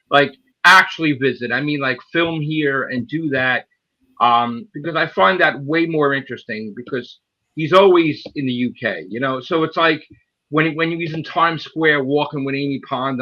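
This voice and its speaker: American man, podcast guest, earnest, argues at length, dull lo-fi audio. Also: medium pitch. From United States. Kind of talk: casual podcast discussion.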